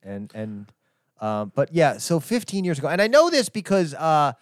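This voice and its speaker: A man's voice: on the high side, huge pitch swings, no room sound. Joking man in his forties, dry sound. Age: 40s. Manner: joking, laughs often, drawn-out delivery. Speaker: podcast co-host. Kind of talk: casual chat.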